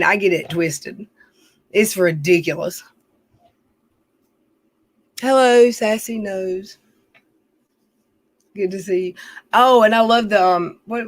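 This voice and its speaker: A middle-aged woman, chatting casually on a livestream, rambling, venting and swearing as she reads her chat. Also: medium pitch.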